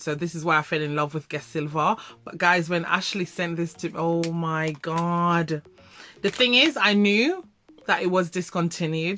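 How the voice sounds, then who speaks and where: A woman reviewing perfumes in a vlog, animated and emphatic, repeating words for emphasis. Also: fairly low pitch. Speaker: fragrance reviewer.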